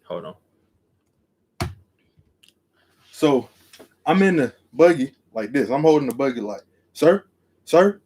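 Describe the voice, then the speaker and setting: A man telling a story on a live stream, acting out each line and jumping from quiet to loud, seated at his desk camera. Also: lively intonation, slow, pauses often, husky. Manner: acts out every quote, jumps from low to loud. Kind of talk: animated storytelling.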